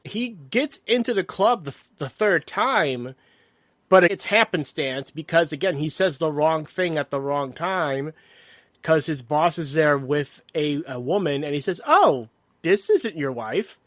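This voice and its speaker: A man co-hosting a film podcast, talking casually and acting out character lines in quick bursts. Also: on the high side, fairly bright tone, dry recording, studio quality. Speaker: podcast co-host.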